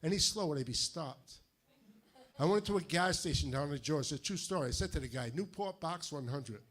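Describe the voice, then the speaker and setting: An older man with a New England accent works through a stand-up set, landing deadpan one-liners with tight, punchy timing. His voice sits a touch higher than most men's. Laughter from the audience breaks in between jokes. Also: fast. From Fall River, Massachusetts. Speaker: stand-up comedian. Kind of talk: stand-up routine.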